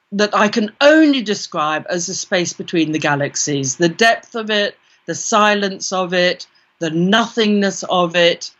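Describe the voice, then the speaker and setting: Bright-voiced British woman telling a story. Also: fairly low pitch. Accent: British English. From Britain. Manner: vivid first-person storytelling with quoted inner voices. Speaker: guest, parapsychologist. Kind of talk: storytelling in an interview. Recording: dull lo-fi recording.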